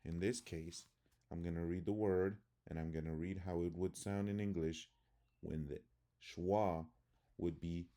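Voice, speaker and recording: A man with a low, dark, mellow voice teaches pronunciation at an unhurried pace. He reads out example words one at a time, each spoken deliberately, then explains the rule in a plain instructional tone. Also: steady tone. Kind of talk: slow instructional explanation with word lists.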